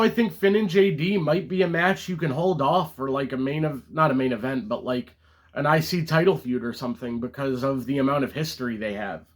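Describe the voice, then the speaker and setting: A man giving a casual, enthusiastic recap of a wrestling show, talking off the cuff with frequent ums and restarts. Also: fairly high pitch.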